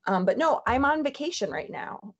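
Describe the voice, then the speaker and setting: A woman's voice: high-pitched, very animated, moderate pace, husky, lo-fi sound. A woman guest on a talk show, telling a rambling story with frequent laughs in casual chat. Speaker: guest co-host.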